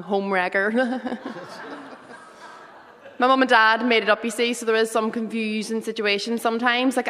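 A woman in her thirties with a Derry accent, delivering a lively stand-up comedy set. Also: a little high, big-room sound. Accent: Northern Irish (Derry). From Northern Ireland. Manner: lively, punchy joke delivery. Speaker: comedian guest.

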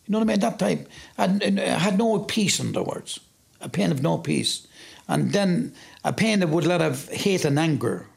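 Gravelly husky Irish man. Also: on the high side, very animated, normal speed. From Ireland. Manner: plain-spoken, rambling, repeats himself. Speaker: interviewee. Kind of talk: storytelling interview.

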